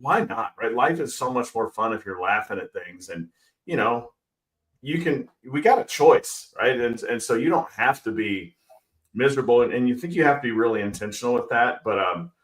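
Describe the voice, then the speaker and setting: A man's voice: medium pitch, expressive, moderate pace, a bit bright. A man guest on a podcast, easygoing and thoughtful in casual chat. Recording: roomy, distant mic.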